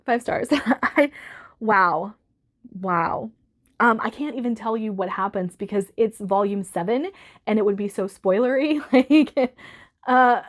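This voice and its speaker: A woman book vlogger giving a casual monthly reading wrap-up, chatty and emotional, laughing often. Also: medium pitch.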